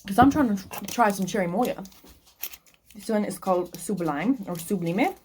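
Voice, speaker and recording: A woman's voice: medium pitch, normal speed, a little mellow, a little hiss or hum. A woman vlogger in casual chat, talking through a taste test, chatty and opinionated with plenty of ums and likes. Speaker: book vlogger.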